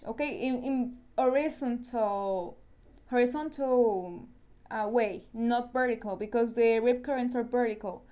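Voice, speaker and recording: Woman teacher, Spanish accent, slightly high voice, careful explainer who repeats herself. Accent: Spanish-speaking. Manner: explains step by step, often repeats and restarts words. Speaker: science teacher. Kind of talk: recorded online science lesson.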